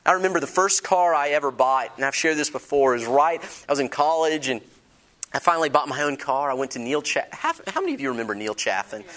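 A man delivering a sermon in a somewhat higher-than-usual voice. He moves from dramatic, hushed moments to lively, humorous storytelling and often asks his congregation questions. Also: fast. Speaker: pastor.

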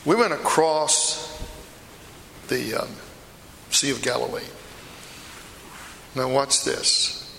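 A man's voice: mid-range voice, slow, gravelly, long pauses, bright, forceful tone, a little hiss or hum, full character voice. A man playing Peter, the blunt passionate apostle. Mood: earnest. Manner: storytelling, emphatic, confiding asides. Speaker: preacher performing a first-person monologue. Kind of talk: dramatic monologue sermon. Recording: echoey hall with long reverb.

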